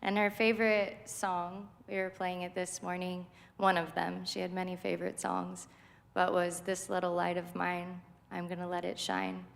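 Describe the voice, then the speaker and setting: A woman speaking as a friend at a memorial service, heartfelt and measured, with frequent pauses. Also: on the low side, little pitch movement, gravelly. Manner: heartfelt, measured, pausing often. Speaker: friend giving a eulogy. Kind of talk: memorial tribute speech. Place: spiritual center sanctuary. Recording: echoey hall reverb.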